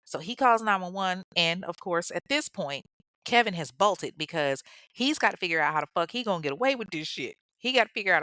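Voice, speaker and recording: A woman's voice: on the low side, expressive, a little fast, bright, forceful tone, dry recording. A woman hosting a podcast, retelling a true-crime case in a chatty, profane way with laughing asides to her listeners. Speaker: podcast host. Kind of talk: casual true-crime storytelling.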